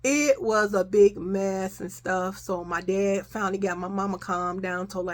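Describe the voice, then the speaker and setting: A woman telling a childhood story in a casual, profane, animated way, often addressing listeners as y'all. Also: on the low side, moderate pace.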